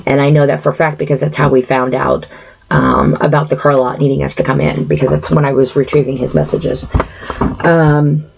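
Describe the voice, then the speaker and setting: Gravelly indignant woman telling her story. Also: low-pitched, a little mellow. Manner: indignant, rambling with many fillers and asides. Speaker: vlogger telling a personal story. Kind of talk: casual storytelling monologue. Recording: slightly dull lo-fi sound.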